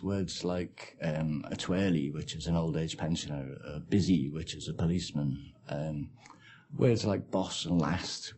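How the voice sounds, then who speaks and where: A man's voice: rumbling low, warm tone. A man from Liverpool with a Scouse accent, talking in a hesitant, unscripted way with many fillers and repeated words as he explains his accent. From Liverpool, England. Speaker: speaker describing his accent. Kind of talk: unscripted monologue for a language lesson.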